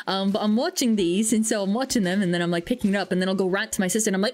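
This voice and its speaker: With a mid-range, darkish voice, a young woman streams a game at a very fast clip, barely pausing. The chat is casual and meandering, full of fillers and self-deprecating anecdotes.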